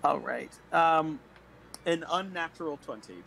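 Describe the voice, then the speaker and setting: A man playing a character in a tabletop game, talking in a hesitant, halting way with frequent laughs. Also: a little high, creaky, fairly bright tone. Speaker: player. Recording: faint background noise.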